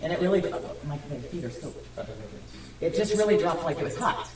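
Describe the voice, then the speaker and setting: A woman's voice: on the low side, animated, normal speed. A flustered woman exclaiming her way through a live sales stream from home, soaked after a mishap. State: drenched. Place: home room. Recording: roomy, distant mic with background noise.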